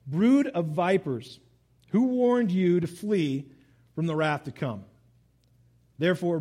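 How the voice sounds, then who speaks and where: A middle-aged man delivers a sermon with a noticeably high-pitched voice. He moves between reading scripture and loose, conversational asides, keeping the tone animated. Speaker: pastor.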